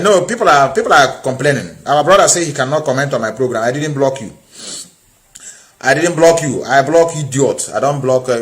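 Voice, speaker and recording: Male call-in stream host, combative, hammers points by repeating them, mid-pitched. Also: a bit bright. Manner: combative, repeats himself for emphasis. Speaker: live-stream host taking calls. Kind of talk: heated call-in talk.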